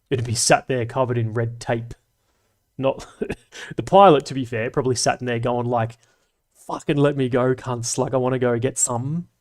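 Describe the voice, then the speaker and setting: Man, livestream host, casual banter, swears a lot, gravelly fry, middle pitch. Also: a little mellow. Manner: swearing, joking, off-the-cuff banter. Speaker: streamer and channel host. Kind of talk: casual livestream chat reading comments.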